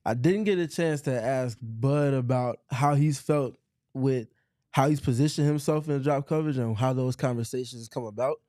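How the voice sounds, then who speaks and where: A man's voice: medium pitch, moderate pace, mellow, dry recording. Sports reporter guy breaking down defense, dry studio sound. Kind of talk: casual sports talk.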